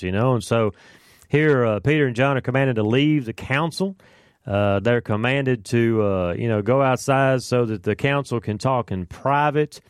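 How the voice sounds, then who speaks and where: A man's voice: medium pitch, normal speed, clear, resonant tone, dry recording, clean studio sound. A man leading a casual Bible study, explaining scripture in a conversational way with fillers and asides.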